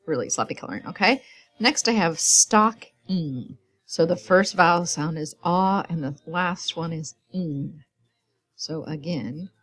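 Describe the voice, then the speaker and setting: Woman teacher, low voice, husky edge; calm, step-by-step instructions for young students. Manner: patient, step-by-step, counts aloud. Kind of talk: recorded classroom instructions.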